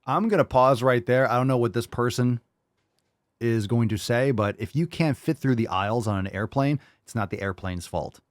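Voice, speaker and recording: A man's voice: medium pitch, moderate pace, dry recording. A man hosting a reaction commentary, blunt, profane and mocking. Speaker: host.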